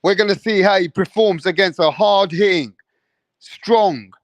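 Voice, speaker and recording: A man giving casual, excitable boxing commentary to camera, swearing freely and repeating himself. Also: high-pitched, measured pace, no echo, dull audio. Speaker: boxing vlogger.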